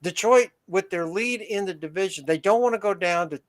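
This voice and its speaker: Guy hosting a football talk stream, kinda high voice, rambles and restarts a lot. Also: brisk. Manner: rambling, restarts his thoughts. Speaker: host. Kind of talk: casual sports talk.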